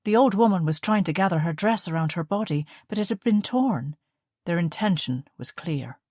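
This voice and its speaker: A woman reading audiobook narration in a measured, steady way on a close studio mic. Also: fairly low pitch, no room sound.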